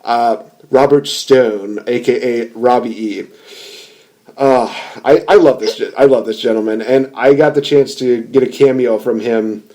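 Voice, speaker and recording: A man's voice: mid-range voice, steady tone, a little slow, dark tone. A man hosting a podcast, chatting casually, rambling and laughing often. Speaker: podcast host. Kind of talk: casual chat.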